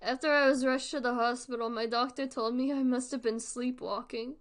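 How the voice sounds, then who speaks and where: A woman's voice: on the high side, fairly even intonation, a little fast. A young woman reading creepypastas aloud with comic commentary, swearing a lot and breaking into laughter. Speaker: creepypasta reader and reactor.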